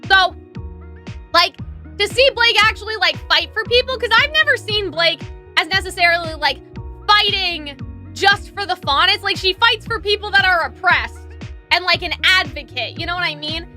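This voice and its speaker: A woman's voice: very high-pitched, animated, moderate pace, bright, forceful tone, soft background music. A woman co-hosting a casual livestream review, rambling and filling her talk with "like" and "you know". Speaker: co-host of a show review livestream.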